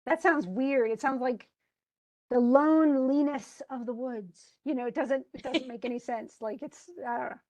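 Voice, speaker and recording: Woman teacher, fairly high voice, chatty one-on-one tutoring, explains by example. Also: a little fast, few pauses, muffled recording. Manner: chatty, explains with spoken examples, laughs easily. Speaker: English instructor.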